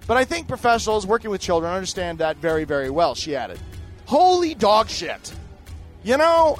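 This middle-aged man hosts a daily news show, angrily ranting and emphatically swearing while he reads stories and plugs products. His voice is high-pitched and a bit bright.

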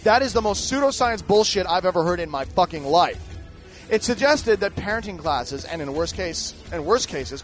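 A man's voice: high voice, animated, moderate pace, faint music behind. A middle-aged man hosting a daily news show, ranting angrily and swearing emphatically as he reads stories and plugs products. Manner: angry, profane, emphatic. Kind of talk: profane ranting news commentary.

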